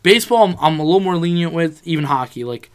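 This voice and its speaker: Profane animated podcast co-host, man. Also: fairly high pitch, fast talker, smooth. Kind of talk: casual chat.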